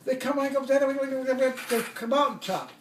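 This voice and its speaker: A man's voice: extremely high pitch, moderate pace, echoey room, distant mic, a little hiss or hum. An older man, a war veteran, tells his stories in a rambling way, correcting himself as he goes and chuckling at his own jokes. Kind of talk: oral history storytelling.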